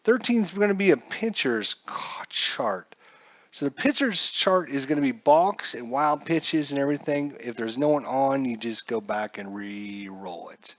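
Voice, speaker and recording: A man's voice: mid-range voice, animated, a little slow, a bit bright, no echo, lo-fi sound. A man calling a solo tabletop dice baseball game in a casual play-by-play, chatty and jokey, talking to himself as he checks his charts.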